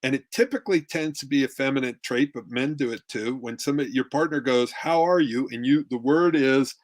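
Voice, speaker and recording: A man's voice: mid-range voice, fairly quick. A middle-aged man giving a relationship workshop talk with slides, acting out tones of voice to make his points. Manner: demonstrative, acts out tones of voice. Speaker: relationship coach.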